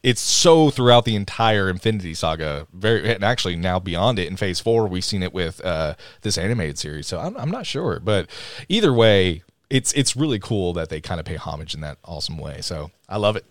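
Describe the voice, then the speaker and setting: Podcast host, male, low register, upbeat and enthusiastic, dry close mic. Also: very animated, a little fast, no room sound. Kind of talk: casual chat.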